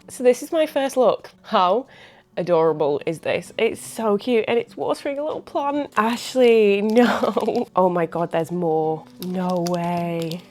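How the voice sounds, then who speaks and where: Bubbly woman vlogging, soft music behind. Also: mid-range voice. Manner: bubbly and excitable, gasping and laughing. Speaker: small business owner and vlogger. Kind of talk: casual vlog chat.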